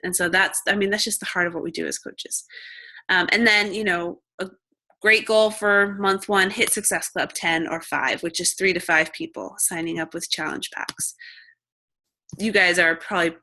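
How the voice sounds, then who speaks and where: Young female fitness coach, bright tone, chatty and upbeat mentor talk. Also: fairly low pitch, steady tone, normal speed. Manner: chatty, upbeat, acts out quoted chats.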